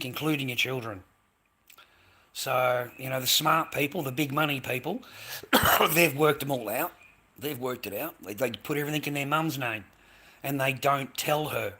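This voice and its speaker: Bright and forceful in a mid-range voice, this middle-aged Australian livestreamer rambles on bitterly. His monologue is laced with profanity, and he circles back to the same points again and again.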